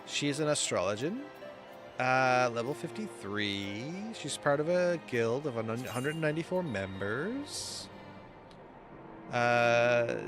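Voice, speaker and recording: A man's voice: medium pitch, lively intonation, takes it slowly, over music. A man chatting casually as he plays through a video game, easily amused and rambling. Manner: chatty, easily amused, wanders between thoughts. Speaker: game streamer. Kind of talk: casual gameplay commentary.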